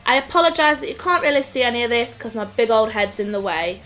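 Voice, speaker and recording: A woman with a Nottingham accent explaining makeup steps in a clear, scripted tutorial voice-over. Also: on the high side, animated, fast, a bit bright. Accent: English Midlands (Nottingham). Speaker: makeup artist host. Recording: voice-over with faint music.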